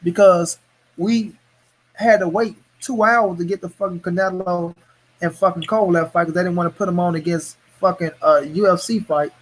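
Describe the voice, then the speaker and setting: A man with a high-pitched voice hosts a casual boxing live stream. He rants heatedly and swears constantly as he complains about fight start times. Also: steady tone, normal speed. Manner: profane, heated ranting. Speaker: host of a boxing talk stream.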